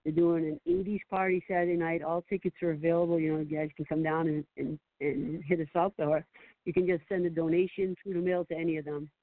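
A woman's voice: low voice, fast talker, no echo. A woman guest on a phone-in chat show, telling stories with lots of laughter and acted-out quotes. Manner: animated storyteller, laughs often, acts out quotes. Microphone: phone call. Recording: tinny phone line, dry.

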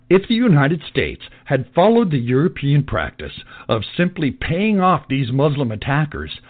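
A man delivering an emphatic, repetitive monologue in a preachy lecturing style. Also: mid-range voice. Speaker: political commentator. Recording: tinny phone-like audio.

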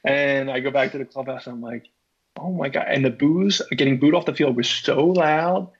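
A man from Philadelphia, a former baseball pitcher, telling a story in a casual chat and acting out his own reactions. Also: steady tone, normal speed, breathy edge. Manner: acts out his own past reactions, many restarts. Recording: dull lo-fi podcast audio.

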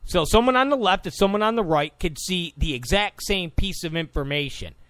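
A man's voice: high voice, lively intonation, brisk, a bit bright, no echo. A man giving opinionated political talk commentary, combative and sarcastic toward his opponents. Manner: combative, mocks opponents in quoted voices.

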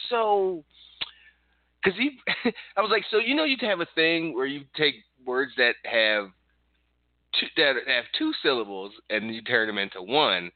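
A man's voice: medium pitch, dry recording. A man from the northeastern US co-hosting a wrestling podcast, rambling casually and laughing often as he tells a story. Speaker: podcast co-host. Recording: dry phone-like line.

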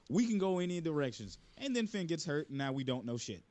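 Profane, animated man chatting wrestling. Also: mid-range voice, a little fast, dry recording. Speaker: wrestling podcast panelist. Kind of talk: casual chat.

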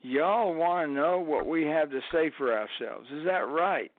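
A man putting on a high joking Alabama drawl. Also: unhurried, dry recording, close to an everyday voice. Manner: cocky drawl, quips with a grin. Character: charming joking young male college tennis player. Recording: thin phone-like line.

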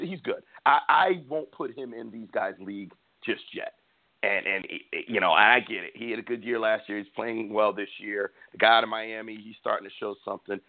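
A man with a gravelly, fry-heavy voice hosts a casual sports talk show. He talks in an animated, opinionated way and often repeats words before finishing a thought. The sound is thin and phone-like. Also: lowish voice. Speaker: podcast host. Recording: tinny phone-like line.

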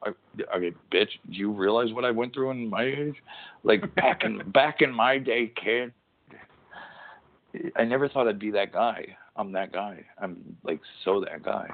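A man's voice: lowish voice, normal speed. A man in his forties hosting a casual podcast, telling rambling, profane, joking stories over a tinny phone-like line. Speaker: podcast host, former wrestler.

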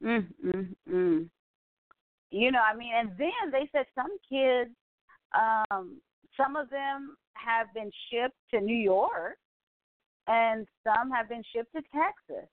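A Californian woman hosts a live online show, rambling casually in a loose, chatty way packed with asides. Her slightly high voice has lively intonation and an unhurried pace, and it sounds thin and tinny like a phone line, dry and close with no room sound.

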